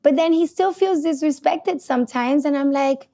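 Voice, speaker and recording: A middle-aged woman, a couples therapist hosting a podcast, talking passionately and loudly with many restarts. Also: high voice, moderate pace. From Puerto Rico. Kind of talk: casual podcast teaching.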